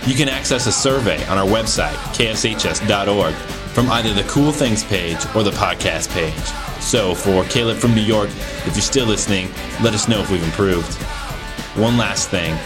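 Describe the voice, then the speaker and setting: A man's voice: on the low side, normal speed, over loud music. A man hosting a podcast, asking easygoing questions with a dry joking streak and reading the outro. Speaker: podcast host. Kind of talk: conversational interview and scripted podcast outro.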